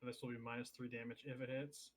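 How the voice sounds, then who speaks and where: A man's voice: medium pitch, level tone. A man playing in a tabletop game who calls out his actions in a matter-of-fact way. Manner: matter-of-fact, quick about his turn.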